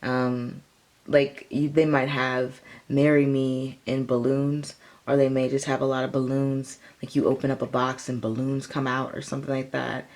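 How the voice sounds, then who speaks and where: A woman's voice: rumbling low, a little mellow. A woman giving a casual, rambling tarot reading, full of "like" and "um". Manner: rambling, filler-heavy, lots of "like" and "um". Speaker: tarot reader.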